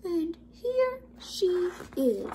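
A woman voicing a small boy bear cub in a storybook tale, high, slow and wailing. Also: very animated, dark tone, slight background noise, exaggerated voice.

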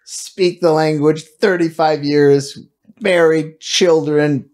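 A man's voice: on the high side, steady tone, slow, darkish tone. A middle-aged man, a podcast guest, telling stories casually, laughing often and swearing freely. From United States. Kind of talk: casual storytelling.

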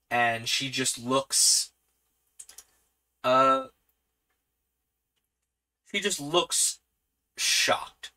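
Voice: mid-range voice, pushed and bright. A streamer narrating a solo tabletop superhero story, rambling with many fillers. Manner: rambling, many fillers, laughs at own choices.

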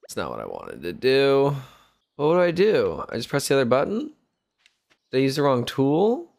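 A man with a gravelly voice streaming a farming game, chatting loosely with viewers. He cracks jokes, swears freely and talks through every move as he figures things out. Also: mid-range voice, huge pitch swings, normal speed. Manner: jokey, swears often, thinks out loud. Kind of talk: casual Let's Play commentary.

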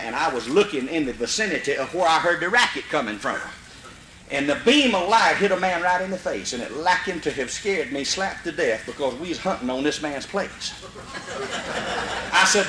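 Folksy Mississippi comedian, high lively delivery with big hollers. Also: male voice, a little hiss or hum, poor audio. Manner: animated, folksy, bursts into hollers. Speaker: comedian storyteller. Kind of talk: live comedy storytelling.

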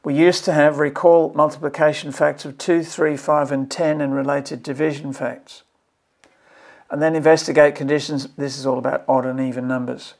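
A man's voice: fairly high pitch, little pitch movement, normal speed, darkish tone. A man, a maths educator, giving an emphatic and exasperated review of a curriculum draft in a video. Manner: passionate, emphatic, exasperated pleading.

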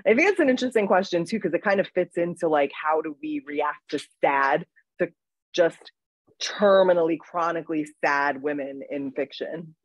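A woman's voice: low-pitched, moderate pace, dry recording. A chatty woman interviewer who laughs easily and leans on hesitant fillers. The recording sounds dull and dry, with no room around her voice. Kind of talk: casual interview conversation.

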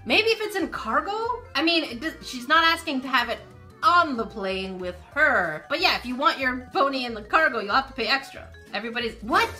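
A woman's voice: high voice, expressive, brisk, sharp tone, soft background music. A woman gaming streamer giving casual let's-play commentary, playfully reading game text aloud and reacting to it.

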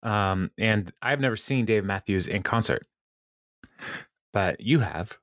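A man with a fairly low voice hosts a casual podcast and retells a TV episode, laughing often and acting out the quoted lines. The sound is dry and close, with no room echo. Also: slow pace, fairly bright tone. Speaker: podcast host. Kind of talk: casual chat recapping a TV episode.

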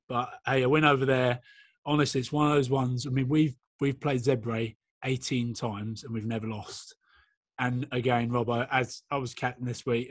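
Husky guy bantering and cursing with his mates, dry close sound. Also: medium pitch, dry recording. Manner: swearing, teasing, laughs a lot. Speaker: podcast co-host and rugby player. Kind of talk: casual banter.

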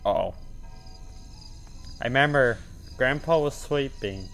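Bright-voiced man yelping through a horror game. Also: medium pitch, slow pace, vocal fry, faint music behind. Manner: mutters to himself, then yelps and shouts when scared. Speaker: gaming channel host. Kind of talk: horror game let's play commentary.

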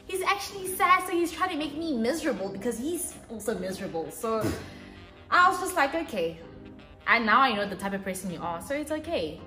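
A woman's voice: a little high, brisk. A young South African woman, a makeup artist, chatting casually and animatedly, laughing often. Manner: animated, laughs often, goes quiet while working. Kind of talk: casual chat. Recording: echoey room with background music.

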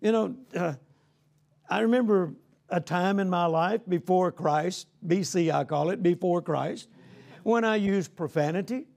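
Male preacher, high gravelly voice, folksy conversational sermon with frequent calls for "Amen?". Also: unhurried, darkish tone. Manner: conversational, folksy, peppered with "you know".

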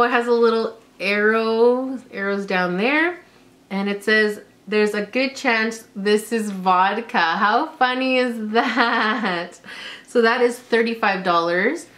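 A woman's voice: medium pitch, slight background noise. A young woman vlogger from Canada chatting casually through an unboxing, gushing and exclaiming over each item. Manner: gushing, excitable, lots of gasps and exclamations.

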